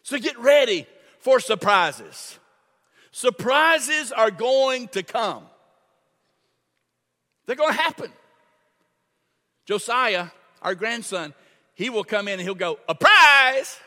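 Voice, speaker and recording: Older man, pastor, sermon, call-and-response, repeats phrases, slow, long church echo. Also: high-pitched, animated, sharp tone. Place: church sanctuary. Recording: long hall reverb.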